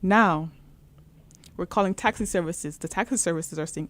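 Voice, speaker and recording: A woman's voice: lowish voice, normal speed. A woman co-hosting a radio show, telling a comic story with vivid, dramatic delivery.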